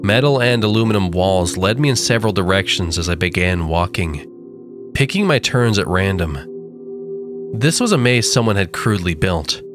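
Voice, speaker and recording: A man with a low voice reads a horror tale, letting his pitch rise and fall dramatically. Soft music sits beneath the narration. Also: expressive. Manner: measured, dramatic storytelling. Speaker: creepypasta narrator. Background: faint background music.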